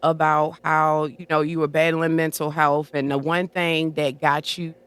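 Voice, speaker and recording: A woman's voice: low-pitched, a little slow, clean tone. A woman guest on a podcast telling a story in a casual way, acting out what other people said. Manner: animated, acts out quoted dialogue. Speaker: podcast guest, horror streamer.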